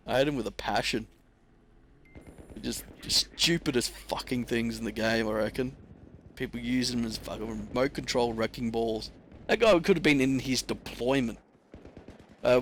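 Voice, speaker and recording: A man's voice: on the low side, a little hiss or hum. A young man giving rambling, casual commentary over gameplay, swearing heavily and using slang. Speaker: gaming commentator.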